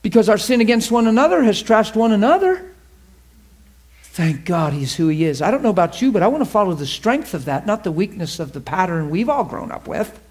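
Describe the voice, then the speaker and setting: A man's voice: high voice, very animated, fairly quick, darkish tone. A man preaching a sermon to a class, emphatic and fervent, often asking the audience questions and laughing with them.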